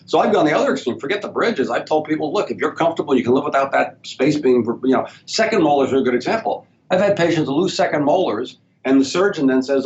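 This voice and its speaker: A man's voice: expressive, fast, few pauses. Man telling stories, slightly dull recording. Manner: storytelling, acts out patient dialogue. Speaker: dentist and professor, guest. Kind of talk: casual podcast interview. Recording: slightly dull sound with faint rumble.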